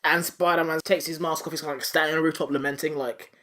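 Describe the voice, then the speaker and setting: A man with a slightly high voice hosts a podcast and recaps episodes in loose, animated chat. He swears freely and slips into the characters' lines as he goes. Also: fast talker, very noisy. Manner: animated, profane, acts out characters while recapping. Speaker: podcast host.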